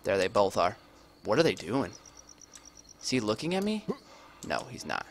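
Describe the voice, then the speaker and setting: A man's voice: fairly low pitch, wildly swooping pitch, normal speed, slight background noise. A man doing casual, profane gameplay commentary, rambling and at times dropping to a near whisper. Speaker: gamer.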